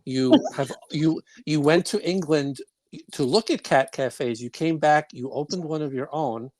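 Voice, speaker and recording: A man's voice: on the high side, unhurried, darkish tone, dry recording. Rambling, jokey man from Brooklyn. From Brooklyn, New York. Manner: rambling, restarts often, jokey and irreverent. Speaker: podcast co-host. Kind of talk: casual podcast chat.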